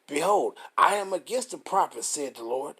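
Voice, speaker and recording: Husky man fiercely preaching over scripture. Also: fairly high pitch, lively intonation. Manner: profane and combative, reads verses slowly and forcefully. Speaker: scripture commentator. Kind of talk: reading scripture with heated commentary.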